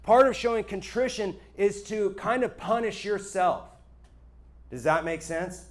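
High-voiced pastor, conversational and emphatic. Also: male voice, measured pace. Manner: conversational, emphatic, checks in with the audience. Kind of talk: sermon to a live audience.

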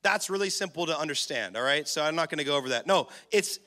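A man preaching a sermon in a church, animated, acting out little scenes and shouting for emphasis. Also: fairly high pitch, racing. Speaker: pastor.

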